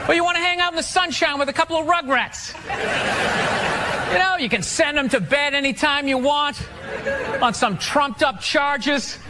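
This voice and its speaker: A man doing stand-up comedy, ranting loudly with lots of swearing and mock voices. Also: very high voice, fairly quick, over a noisy crowd. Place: theater stage with live audience. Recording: live audience laughter and stage noise.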